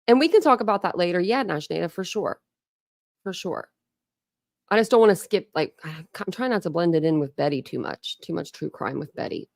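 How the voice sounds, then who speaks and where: Chatty, gravelly-voiced woman from Ohio. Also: on the low side, expressive, fairly quick, no room sound, clean studio sound. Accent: Ohio with Philadelphia family influence. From Ohio, USA. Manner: rambling, chatty, greets viewers, frequent laughs and fillers. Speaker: host of a live stream commentary channel. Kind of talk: casual live-stream chat.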